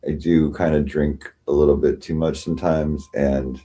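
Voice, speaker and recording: A man with a very low voice rambles through a casual livestream chat, tired and swearing freely. He halts, repeats himself and restarts often as he talks. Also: steady tone, dark tone. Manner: rambling, halting, many restarts and profanity. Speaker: livestream host.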